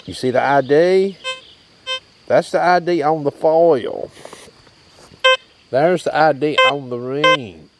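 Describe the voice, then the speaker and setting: A man's voice: on the high side, takes it slowly, pauses often, noisy background. A man, from Tennessee, casually demonstrating gear outdoors in a folksy, drawling way, often checking in with his listeners. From Tennessee, USA. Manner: folksy, drawling, keeps checking in with "okay?" and "you hear that?". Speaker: metal detecting channel host. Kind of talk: casual outdoor equipment demo.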